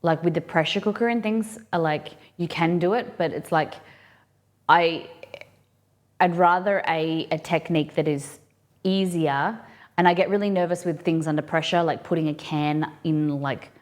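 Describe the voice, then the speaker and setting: A woman's voice: low voice, normal speed. A woman hosting a casual live cooking stream, chatting and thinking aloud with rambling asides as she works in a kitchen.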